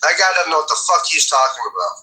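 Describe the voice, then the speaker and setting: A man's voice: a little high, sing-song, fast, pushed and bright, rough recording. A man on a livestream panel, dismissive and profane, cutting in with figures. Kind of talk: heated debate.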